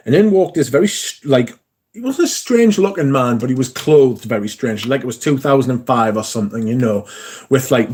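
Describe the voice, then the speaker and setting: A man with a husky, slightly breathy voice hosts a relaxed livestream. He talks in a loose, rambling way, reading out comments and drifting between anecdotes at a middling pitch. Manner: chatty, rambling, reads out chat comments. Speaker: livestream host. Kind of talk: casual livestream chat.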